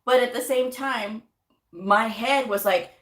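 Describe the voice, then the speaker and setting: A woman giving a casual motivational talk to camera, chatty and animated, telling stories with quoted asides. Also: on the high side, slow pace. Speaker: medical coding vlogger. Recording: echoey room.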